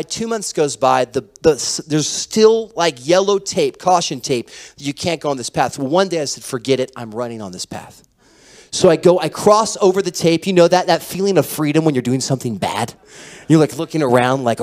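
A man preaching a sermon as pastor, telling stories with a voice that drops to a hush and then rises loud. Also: a little high. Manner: animated storytelling, dropping to a hush then rising loud. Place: church hall.

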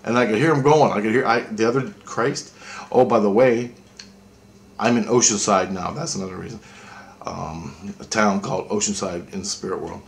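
A man's voice: fairly low pitch, fairly even intonation, normal speed, vocal fry. A man vlogging a rambling, intense spiritual monologue, swearing freely.

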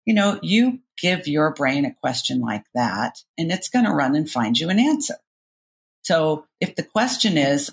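This guest on a podcast interview is a middle-aged woman working as a cognitive behavioral coach. Her voice sits low, gravelly and creaky, and she takes her time explaining ideas, full of animated energy and voicing small inner thoughts as she talks.

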